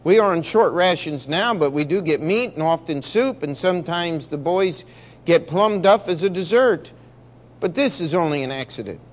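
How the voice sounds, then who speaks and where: Blustering army officer, exclamatory and brisk, somewhat high voice as a man reads him aloud. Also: expressive, lightly acted. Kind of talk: read-aloud storybook dialogue.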